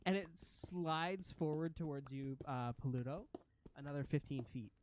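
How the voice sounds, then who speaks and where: A man's voice: fairly high pitch, moderate pace, slight background noise. A man narrating a tabletop role-playing game as game master, giving vivid, gross descriptions and chuckling often.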